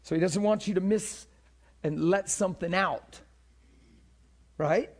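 A man delivers a sermon-style teaching to a live class in a fairly high voice. He talks conversationally, stopping often to check that his listeners follow. He repeats words as he builds toward a point. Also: unhurried.

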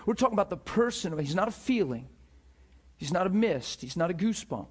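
A man preaching a sermon as a pastor, telling a personal story in an animated way, often breaking into laughter and repeating words as he goes. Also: sits high, fast talker, husky.

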